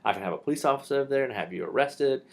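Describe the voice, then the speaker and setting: A man's voice: mid-range voice, lively intonation, rapid-fire, voice pushed up, natural voice. A man voicing an impatient male emergency operator who talks bluntly. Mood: exasperated.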